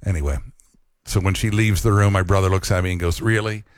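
A man's voice: lowish voice, fast talker, smooth, dry recording, studio quality. Chatty radio DJ man telling stories. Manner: chatty, self-deprecating, animated quotes. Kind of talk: casual on-air storytelling. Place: radio studio. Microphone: close studio mic.

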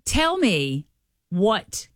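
A woman's voice: mid-range voice, wildly swooping pitch, very slow, dry recording. Woman, radio cohost, upbeat, laughs easily, dry studio sound. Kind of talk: casual morning show banter.

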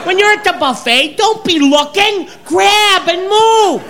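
A man doing a stand-up routine, ranting and shouting his punchlines slowly and loudly. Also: very high voice, animated, a faint crowd. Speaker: stand-up comedian. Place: comedy club stage. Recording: live club set with audience laughter and noise.

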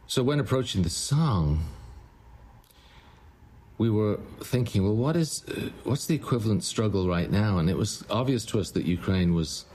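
A man, a musician, telling a story in an interview, halting and repeating words as he goes. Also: sits low, darkish tone. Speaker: musician guest.

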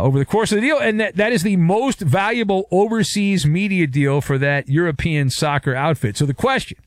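A man's voice: fairly high pitch, no room sound, clean studio sound. A man hosting a sports talk radio show, giving a sarcastic, wisecracking monologue.

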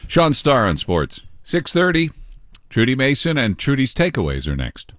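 A man's voice: huge pitch swings, a bit bright, no echo, clean studio sound. A male morning radio host bantering with his sports reporter and throwing to the next segment. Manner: quick reactions, playful, jumpy pitch.

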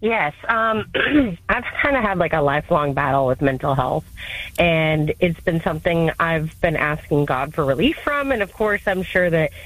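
A woman's voice: sits low, animated, normal speed, dry recording, rough recording. Tearful woman caller in her thirties. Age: 30s. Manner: hesitant, lots of 'like' and 'um', emotional. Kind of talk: call-in question.

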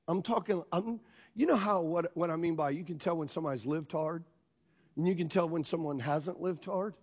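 Slightly high with a breathy edge, this pastor's voice carries a lively personal anecdote through his sermon. The middle-aged preacher keeps questioning the people in the pews.

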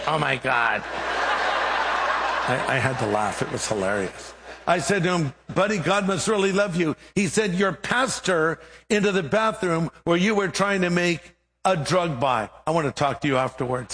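A man's voice: fairly high pitch, a bit bright, long reverb tail. A middle-aged man, a pastor, preaching a sermon and telling a humorous story with acted-out dialogue.

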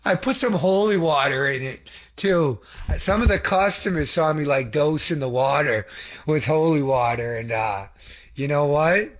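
A man's voice: a little high, a little slow. A man giving an earnest, conversational testimony sermon, rambling with fillers and restarts and asking the audience to affirm him. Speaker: lay preacher giving testimony.

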